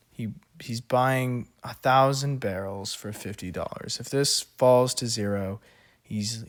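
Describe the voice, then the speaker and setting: Casual man working through finance problems. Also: on the low side. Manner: casual, thinks aloud, laughs at himself. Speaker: finance tutor. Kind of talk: worked-example lesson. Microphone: recording at an iPad.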